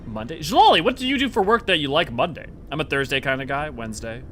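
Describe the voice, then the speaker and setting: A young adult man streaming a game and chatting casually with viewers in an animated, rambling way. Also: a little high, fast talker, faint music behind. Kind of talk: casual live-stream chat.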